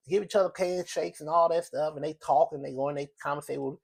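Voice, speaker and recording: A man's voice: fairly high pitch, quick pace, creaky, a little mellow, husky. Male host in a one-man opinion monologue, emphatic and repetitive, keeps restarting sentences. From United States. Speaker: show host.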